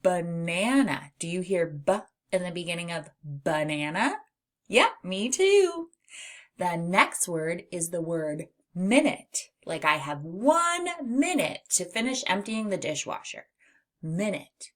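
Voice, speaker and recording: A woman teacher giving a phonics lesson to young children in a slow, clear, sing-song voice. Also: fairly low pitch, expressive. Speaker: reading teacher.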